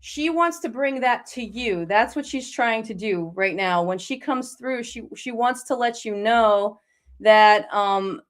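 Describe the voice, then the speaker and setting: High-voiced, reassuring psychic host. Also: female voice, a little slow. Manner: reassuring, encouraging. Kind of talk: live online psychic reading.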